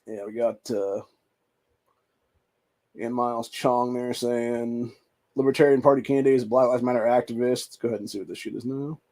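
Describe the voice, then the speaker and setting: A man's voice: medium pitch, steady tone, moderate pace, darkish tone. A man hosting a political commentary show, reacting to clips with a profane, contemptuous rant. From United States. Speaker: host.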